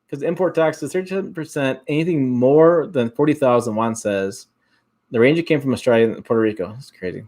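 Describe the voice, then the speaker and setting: This livestream host, a man from Michigan, has an Upper Midwest American accent and an expressive, slightly mellow medium-pitched voice at a moderate pace. He reads viewer comments in a rambling way, frequently repeating or restarting words and chuckling often.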